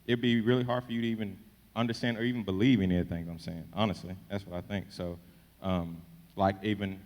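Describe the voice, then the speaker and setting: Deep-voiced man talking candidly. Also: darkish tone, big-room sound. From Texas. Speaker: church member on a panel. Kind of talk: panel discussion.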